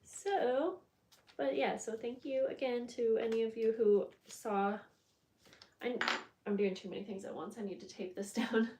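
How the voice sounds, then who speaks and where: A woman's voice: on the high side, a little slow, mellow, slight background noise. A woman hosting a casual crafting livestream, chatting in a rambling, friendly way with lots of fillers and restarts. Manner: friendly, greets viewers by name. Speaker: craft channel host.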